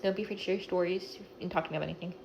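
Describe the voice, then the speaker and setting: A woman's voice: on the low side, steady tone, very fast, creaky, a little mellow, dull audio, slight background noise. A young woman talking to her phone camera at home while doing her makeup, rambling and scattered as she pours out a personal confession. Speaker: vlogger. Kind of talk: emotional get-ready-with-me confessional.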